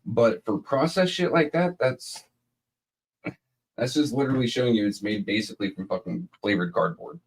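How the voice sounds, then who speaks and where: A man's voice: mid-range voice, normal speed. A man co-hosting a casual live-stream chat, talking bluntly and swearing a lot. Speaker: co-host.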